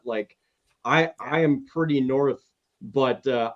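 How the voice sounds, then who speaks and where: A man's voice: fairly high pitch, moderate pace, darkish tone, lo-fi sound. A man guest on a podcast, telling rambling anecdotes in casual chat.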